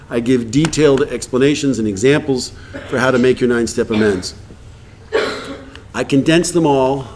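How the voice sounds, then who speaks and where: A man's voice: mid-range voice, slight background noise. Candid fiftyish man telling his story. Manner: candid, humorous, blunt; acts out quoted dialogue. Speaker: recovery meeting speaker. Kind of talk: casual storytelling talk to an audience.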